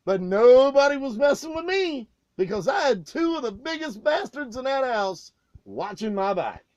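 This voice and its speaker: Loud, high-voiced man swearing through stories. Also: no echo, dull audio. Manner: loud, swearing, animated retelling with raised outbursts. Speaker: podcast co-host telling stories. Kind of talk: casual profane storytelling.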